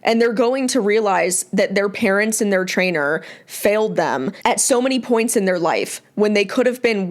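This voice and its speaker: A young woman vlogging, shifting between indignant commentary and gushing excitement. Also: medium pitch. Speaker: commentary YouTuber. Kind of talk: commentary vlog.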